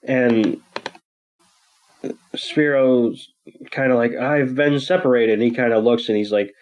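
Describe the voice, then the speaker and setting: A man's voice: mid-range voice, fairly even intonation, unhurried, a little mellow, poor audio. A man co-hosting a podcast who recaps a cartoon episode in a laid-back way, with crude jokes and many fillers. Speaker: podcast co-host.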